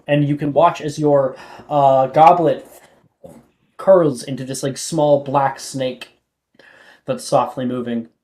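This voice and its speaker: Chatty game master, mid-pitched. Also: steady tone, slow, pauses often, darkish tone. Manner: casual, many "like" fillers. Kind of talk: running a tabletop game.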